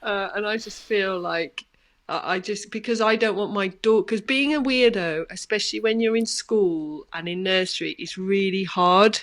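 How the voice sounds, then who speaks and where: A woman in her thirties talking things through on a podcast. Her pitch sits in a middle range, and she tells her story in a thoughtful, earnest, conversational way. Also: moderate pace, fairly bright tone. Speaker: podcast co-host. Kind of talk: casual conversation.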